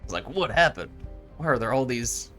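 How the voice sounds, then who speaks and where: A man's voice: mid-range voice, sing-song, normal speed, bright, forceful tone, soft background music. Wry man chatting over gameplay. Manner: wry, dry jokes. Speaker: game streamer. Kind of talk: casual gameplay chat.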